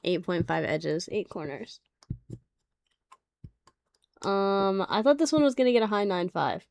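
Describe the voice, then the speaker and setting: Unboxing graded trading cards on a livestream, another young adult woman chats in a blunt, profane, laugh-filled way. She speaks unhurriedly at medium pitch, with vocal fry, long pauses and a slightly mellow tone, recorded dry.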